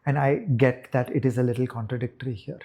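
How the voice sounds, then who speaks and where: A man's voice: mid-range voice, fairly even intonation, fast talker, dark tone. A man from India, an economist guest on a podcast, making his case emphatically with rhetorical questions and examples. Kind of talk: conversational podcast discussion.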